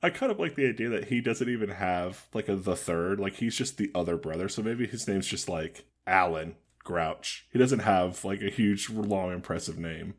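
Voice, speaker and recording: A man co-hosting a comedy podcast, chatting casually and joking as he pitches scenes. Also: normal speed, hardly any pauses. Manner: joking, acts out scenes in silly voices. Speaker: podcast co-host.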